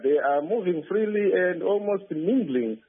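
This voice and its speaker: A man's voice: high voice, animated, a little slow, husky. A male field reporter phoning in a news report, speaking hesitantly with many fillers and restarts. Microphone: telephone. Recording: tinny phone line.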